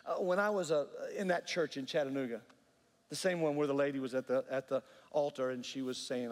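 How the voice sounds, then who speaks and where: A man preaching a sermon, telling a story with earnest, animated delivery and repeated words. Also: a little high, moderate pace, long reverb tail. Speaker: pastor.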